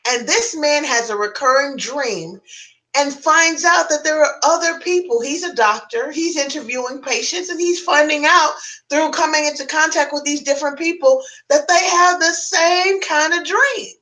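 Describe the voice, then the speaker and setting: A woman's voice: high-pitched, normal speed, sharp tone, rough recording. A woman co-hosting a podcast, reviewing a book in a chatty, emphatic way and laughing as she talks. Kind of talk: casual podcast chat.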